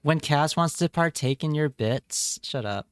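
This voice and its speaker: A man's voice: on the high side, a little slow, clear, resonant tone, no echo, clean studio sound. A man chatting casually on a live stream, reading chat aloud and joking around. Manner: playful, jokey, reads chat aloud.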